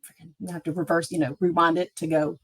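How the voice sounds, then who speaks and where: A middle-aged woman on a casual book podcast, with a mid-range voice. She tells lively stories, acting out what she and her friends said. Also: lowish voice, fast talker, husky, rough recording. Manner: animated storyteller, acts out quoted dialogue. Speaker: podcast co-host.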